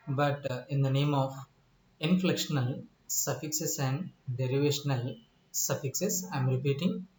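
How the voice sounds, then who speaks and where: A man teaching English word stress in a recorded lecture, explaining slowly with many pauses, repeating himself, spelling out letters and asking the listener questions. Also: a little high, a little mellow. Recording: echoey room.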